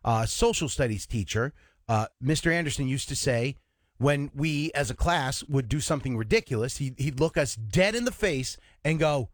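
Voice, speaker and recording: A man's voice: mid-range voice, animated, moderate pace, no room sound, studio quality. A man co-hosting a call-in radio show, chatting casually and laughing along with callers.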